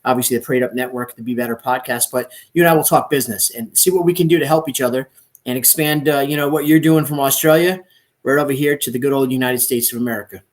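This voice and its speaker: A man's voice: medium pitch, fast talker. Earnest encouraging male podcast host. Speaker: podcast host and life coach. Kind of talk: podcast hosting. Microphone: recorded online call.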